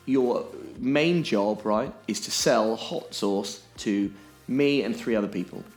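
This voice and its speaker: A man's voice: lowish voice, takes it slowly, a little mellow, soft background music. A man explaining things on a podcast in an emphatic way, often checking in with "okay?". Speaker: podcast co-host.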